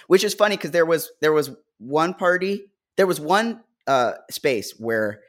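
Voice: mid-range voice, lively intonation, a little slow. An American podcast co-host and musician telling rambling, wry stories in casual chat.

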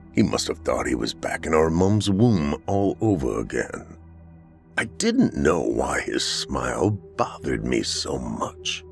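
A man with a very low voice reads a first-person horror tale in a somber, measured way. His pitch swings widely as he tells it. Soft music plays faintly underneath. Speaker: horror story narrator. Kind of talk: scripted horror narration.

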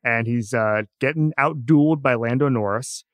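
A man's voice: medium pitch, normal speed, dry recording. A man co-hosts a casual sports podcast at a studio microphone. His delivery is wry and teasing. The sound is close and dry. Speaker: podcast co-host.

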